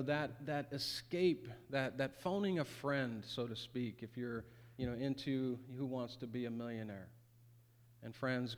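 A pastor giving an earnest, conversational sermon with folksy asides. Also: male voice, medium pitch. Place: church sanctuary. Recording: reverberant church sanctuary.

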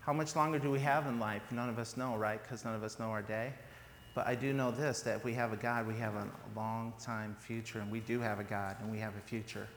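A man's voice: lowish voice, steady tone, fairly quick, a bit bright. Guy giving a laid-back sermon, jokes around, lots of ums, big echoey church hall, bit of noise behind. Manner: chatty, joking, with fillers and restarts. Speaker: preacher. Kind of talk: informal sermon. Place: church sanctuary. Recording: reverberant church hall, faint background noise.

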